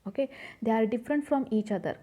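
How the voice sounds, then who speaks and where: Woman teaching grammar, mellow voice. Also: a little high, fast talker. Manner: patient, repeats points and asks the class questions. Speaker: English teacher. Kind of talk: grammar lesson explaining rules.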